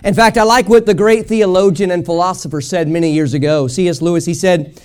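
A man with a notably high voice preaching a sermon at a church service. He hammers points home through rhythmic repetition and asks the congregation to speak with him. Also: fairly even intonation, fairly quick, darkish tone, clear, resonant tone. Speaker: pastor.

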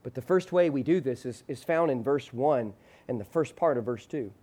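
A male pastor preaching a sermon. He leads the congregation in call-and-response, slows hard on the key phrase, and lets his phrase endings drop low and soft. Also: lively intonation. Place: church sanctuary with a screen behind him.

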